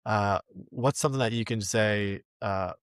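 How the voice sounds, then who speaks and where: A man hosting a podcast interview, talking reflectively with frequent ums and pauses. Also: lowish voice, smooth, no echo, clean studio sound. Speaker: podcast host. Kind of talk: casual interview.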